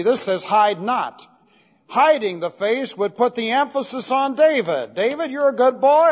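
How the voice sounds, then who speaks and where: A male pastor giving an expository sermon, emphatic and methodical, repeating key terms as he explains them step by step. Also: sits high. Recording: dull lo-fi recording with long hall reverb.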